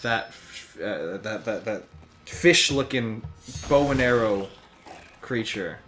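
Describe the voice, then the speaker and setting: A man's voice: fairly low pitch, animated, takes it slowly, a bit bright. A young man co-hosting a gameplay video, chatting in a laid-back way with short replies and some restarts. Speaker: co-host. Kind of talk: casual gameplay chat. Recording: faint background game music.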